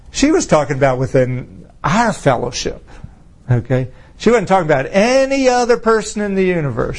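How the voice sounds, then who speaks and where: Conversational preacher man with lively questions. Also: a little high. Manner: conversational, rhetorical questions, swings between slow emphasis and quick asides. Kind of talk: informal sermon to a fellowship.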